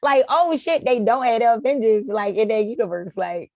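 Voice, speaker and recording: A woman's voice: fairly high pitch, moderate pace, vocal fry, darkish tone, no room sound. A woman co-hosting a casual film review, talking in laid-back slang, laughing and swearing. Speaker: co-host.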